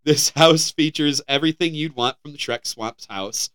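Here a man from the United States co-hosts a podcast, joking his way through the headlines and occasionally stumbling. He speaks at a moderate pace in a fairly high, fairly bright, clean voice.

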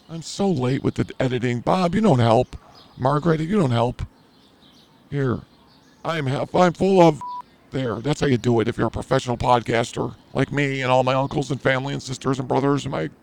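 A man's voice: medium pitch, moderate pace, vocal fry, darkish tone, slight background noise. A man hosting a podcast, telling a crude story in a rambling, self-mocking comedic way. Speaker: podcast host.

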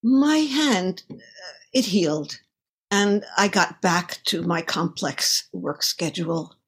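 Slow, very husky-voiced woman. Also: fairly low pitch, lively intonation. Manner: halting, tender, pausing to find words. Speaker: storyteller. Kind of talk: personal story told on stage.

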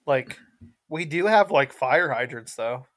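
A man, co-hosting a podcast in casual chat and telling rambling, animated stories. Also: a little high, a little slow, dry recording. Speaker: podcast co-host.

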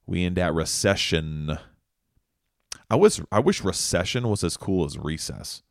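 A man's voice: low-pitched, lively intonation, a little slow, creaky, no room sound, clean studio sound. A man hosting a podcast, giving a casual update in a rambling, jokey way that keeps wandering off on tangents. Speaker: podcast host.

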